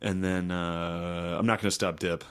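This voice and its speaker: A man's voice: sits low, little pitch movement, a little slow, clear, resonant tone. A man co-hosting a podcast in casual, crude banter, laid-back and laughing often. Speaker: podcast co-host.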